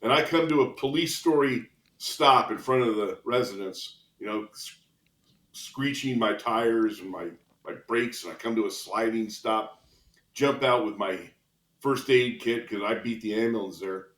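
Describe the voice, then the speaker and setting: In a lowish, unhurried voice, a retired officer in his sixties relates colorful stories during a podcast interview. He's an animated anecdote-teller who chuckles between lines, captured with a roomy echo.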